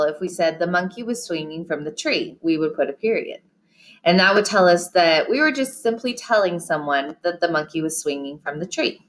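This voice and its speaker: A woman's voice: on the low side, fairly bright tone. A woman teacher recording a lesson for young students, patient and encouraging, who reads her examples aloud with expression.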